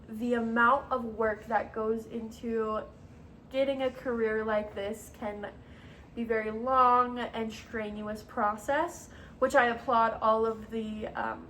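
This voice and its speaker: A woman's voice: a little high, a bit bright, a little hiss or hum, poor audio. A young woman giving a class presentation, with frequent ums and uhs and a hesitant delivery. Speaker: student presenter.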